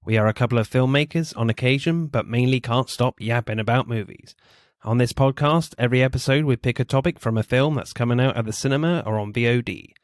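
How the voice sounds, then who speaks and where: A man's voice: mid-range voice, quick pace, no room sound, studio quality. A man from England hosting a casual film podcast, jokey and sweary, laughing easily as he chats. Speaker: podcast host.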